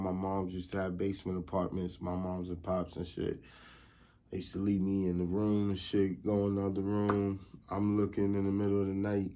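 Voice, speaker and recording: Here is a man around forty with a low, warm, relaxed voice, hosting his own channel. He tells a personal story in a loose, rambling, conversational way and keeps checking in with the listener. A faint hum of background noise sits behind him. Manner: rambling, loose, constantly says "you know what I mean". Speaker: host. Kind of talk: casual storytelling monologue.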